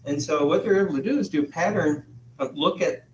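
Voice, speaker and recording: A man giving a university classroom lecture, thinking aloud in a halting way with frequent pauses. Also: a little high, noisy background. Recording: echoey, dull room sound from far off.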